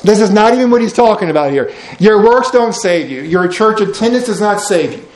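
Animated preacher man, echoey. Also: high voice, brisk. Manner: animated preaching, swings from loud to hushed, folksy asides. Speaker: pastor. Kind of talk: sermon.

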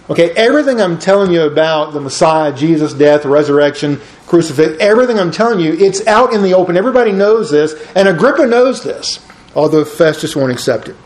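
A man leads a Bible study lesson with a somewhat high voice and a lively, conversational delivery. He mixes explanation with casual, joking asides. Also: fast, reverberant. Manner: animated, conversational, jokey asides.

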